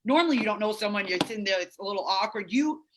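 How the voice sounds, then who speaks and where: A woman's voice: medium pitch, expressive, very fast, noisy background. A woman hosting an online meeting on a video call, chatty, reading out comments with plenty of fillers. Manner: chatty, reads out viewer comments, many fillers. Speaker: host of an online recovery meeting.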